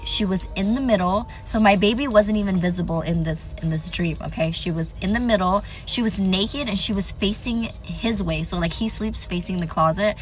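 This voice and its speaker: A woman excitedly retelling a frightening experience in a casual, swearing clip. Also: mid-range voice, moderate pace, few pauses, soft background music, rough recording. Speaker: social media creator.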